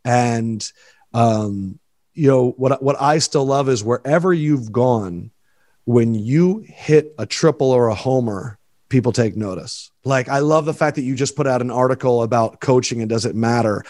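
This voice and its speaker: A man's voice: medium pitch, measured pace, dry recording. A man hosting a podcast in casual chat, swearing freely and getting emotional as he tells stories, close to tears. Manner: emotional, swears a lot, animated storytelling. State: teary, close to crying. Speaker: podcast host.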